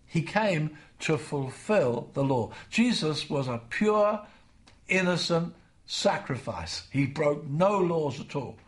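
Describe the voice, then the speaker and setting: A man preaching a sermon, earnest, repeating key phrases for emphasis. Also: a little high.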